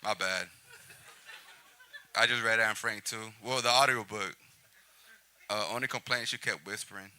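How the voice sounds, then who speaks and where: A man's voice: on the low side, steady tone, measured pace, pauses often, sharp tone. A man doing a stand-up set in a comedy club, chatting with the crowd between one-liners. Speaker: stand-up comic.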